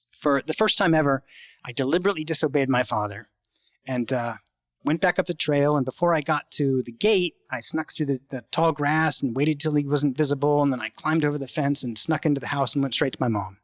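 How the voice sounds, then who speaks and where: A man telling a true story about his own life in a halting, conversational way, acting out the voices he quotes. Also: a little high, dry recording. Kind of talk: live personal storytelling.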